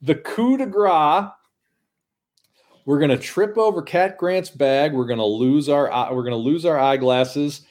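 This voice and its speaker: A man co-hosting a podcast, chatting casually and enthusiastically about comic art, breaking into excited exclamations. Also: on the high side, measured pace. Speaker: podcast co-host.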